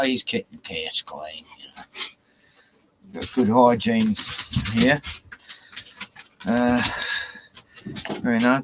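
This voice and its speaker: A man hosts a loose, rambling live stream, swearing freely and talking to his dogs between coughs. He speaks slowly, but his pitch swings widely. Faint noise hums behind him. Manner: swears a lot, chatty, talks to his dogs.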